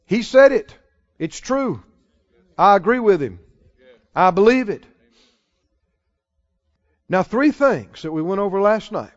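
A man preaching a sermon, emphatic, repeating key phrases and slowing down to stress scripture. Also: high-pitched, very animated. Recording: dull lo-fi sermon recording.

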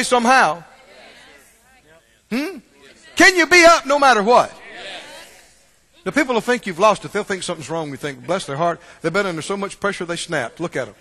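Male preacher, folksy and animated, swooping lively pitch, long hall echo. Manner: animated, folksy, chuckling asides. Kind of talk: sermon.

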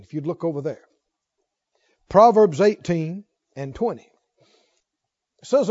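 Middle-aged male preacher, high but mellow voice, emphatic sermon delivery, lo-fi recording. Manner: emphatic, asks the congregation rhetorical questions. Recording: dull lo-fi recording.

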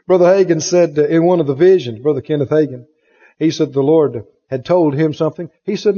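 A man's voice: fairly high pitch, a little fast, dark tone, husky. A man preaching a sermon as pastor, telling folksy stories, laughing, and acting out the people he quotes. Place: church sanctuary. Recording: dull, lo-fi church recording with long reverb. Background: congregation answering amen.

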